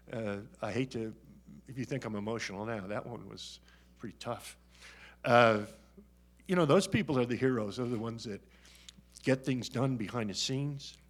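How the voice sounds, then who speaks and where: An older man giving a retirement speech at a press conference, folksy and joking, and choked up at times. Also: medium pitch. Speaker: retiring athletics director.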